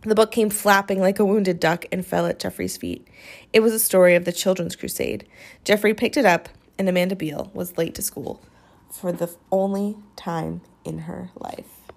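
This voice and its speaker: A woman narrating an audiobook in an expressive storytelling manner. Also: fairly low pitch, moderate pace, creaky. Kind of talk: audiobook reading.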